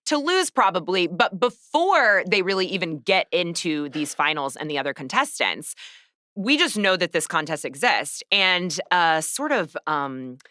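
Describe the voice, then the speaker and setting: A woman hosts a casual podcast chat, picking apart a movie with sarcastic, animated storytelling. Her voice is bright and forward, recorded close and dry. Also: lowish voice, unhurried, no room sound. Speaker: podcast host.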